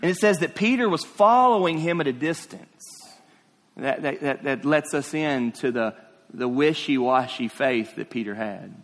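A man preaching a sermon to his congregation as pastor. He repeats phrases for emphasis and asks them questions, swinging between hushed, drawn-out lines and rising, emphatic ones. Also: mid-range voice, lively intonation. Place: church sanctuary. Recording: long reverb of a church hall.

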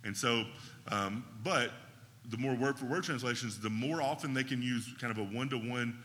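A man's voice: medium pitch, moderate pace, bright, forceful tone, in a large hall. A man teaching a Bible class in a conversational way, often checking in with his listeners.

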